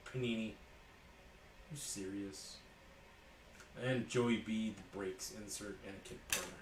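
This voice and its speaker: A man's voice: on the low side, takes it slowly, long pauses, a bit bright, reverberant, distant mic, slight background noise. A man hosting a live sports card break, calling out each card as he opens packs and chatting with viewers by name. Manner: calls out cards as he opens packs, jokes and talks to viewers by name.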